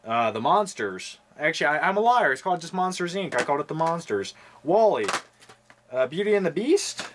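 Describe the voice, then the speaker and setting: This man has a slightly high, very animated voice and talks fairly quickly. He's a video host reviewing his movie collection, wisecracking and offhand, casually swearing as he chats, cracks jokes and does impressions. It's a noisy home recording.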